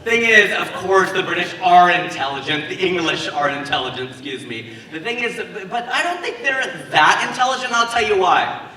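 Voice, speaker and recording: A man doing a stand-up comedy set at a wedding, working the crowd with animated, laughing asides. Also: sits high, moderate pace. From United States. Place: wedding reception venue. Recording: roomy, far-off mic with loud crowd.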